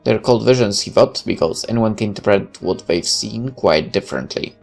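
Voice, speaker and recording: A man with a very low, gravelly voice narrates a visual novel aloud. He reads steadily and now and then drops a casual aside. Quiet music plays in the background.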